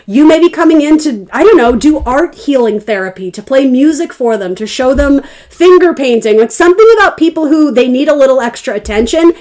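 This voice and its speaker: Chatty young woman doing a tarot reading, kinda high voice, rambles and laughs a lot. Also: lively intonation, brisk, hardly any pauses, a little mellow. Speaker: tarot reader.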